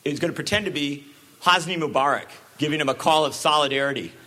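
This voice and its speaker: A man giving a public talk with sarcastic, animated delivery and frequent asides. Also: a little high, fast talker. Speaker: speaker.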